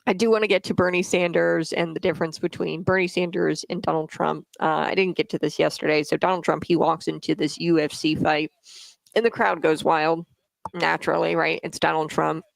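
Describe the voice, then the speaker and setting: Woman hosting a political stream, gravelly edge, dry close mic, lots of ums. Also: low voice, little pitch movement, dry recording, low-quality recording. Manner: chatty, quick asides, frequent fillers and laughs. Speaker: political talk show host. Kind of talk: casual livestream commentary.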